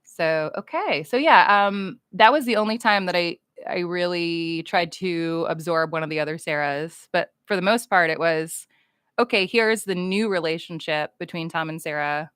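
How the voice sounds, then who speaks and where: A woman's voice: lowish voice, normal speed, a bit bright, clear, resonant tone, no echo, studio quality. A woman from the United States, chatting casually on a livestream with fans, goofy and rambling as she reads chat comments aloud.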